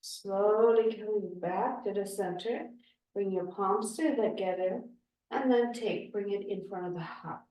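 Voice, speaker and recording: Slow, calm woman guiding a yoga class. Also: mid-range voice, distant mic. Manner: slow, calm spoken cues. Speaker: yoga instructor. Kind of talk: guided yoga class instruction. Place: yoga studio. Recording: echoey room, voice from afar.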